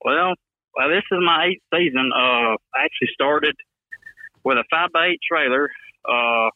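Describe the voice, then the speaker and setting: A man's voice: a little high, normal speed, no room sound. A man in his twenties with a thick Alabama accent, a guest talking in an easygoing, drawling way, often adding "man" and "you know". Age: 20s. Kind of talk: casual phone interview. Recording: tinny dry phone line.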